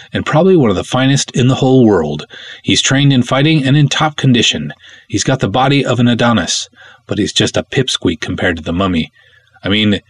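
A male host narrating a first-person pulp adventure with wry humor and lively pacing. His voice sits low, with a husky, slightly breathy texture that stays under the whole reading. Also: dry recording. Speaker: host and story reader.

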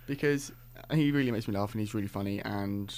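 A young man co-hosting a student radio show, quick and wry, teasing his co-host. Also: fairly low pitch, a little mellow. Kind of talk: casual student radio banter. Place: radio studio.

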